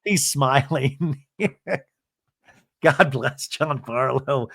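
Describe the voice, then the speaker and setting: Male podcast host, animated and snarky, bright voice, dry mic. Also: a little high, normal speed, dry recording. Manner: animated, sarcastic, swearing. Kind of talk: comedic recap of a reality show.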